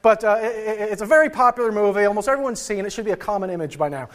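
A man's voice: sits high, animated, racing, a bit bright. A man preaching a sermon in an earnest, personal way, often restarting and repeating words. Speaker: pastor.

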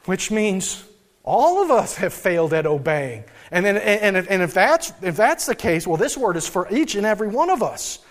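A man's voice: high voice, lively intonation, normal speed. A man preaching as a pastor, earnest and thinking aloud, with frequent restarts. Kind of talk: sermon.

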